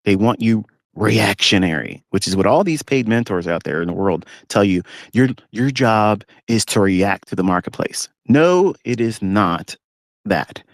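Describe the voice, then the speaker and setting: A man's voice: on the low side, animated, a little slow, no room sound, clean studio sound. A man talking as a trading mentor, blunt and ranting, mocking others in a live audio talk from inside a parked pickup truck. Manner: blunt, ranting, mocking rivals in put-on whiny voices.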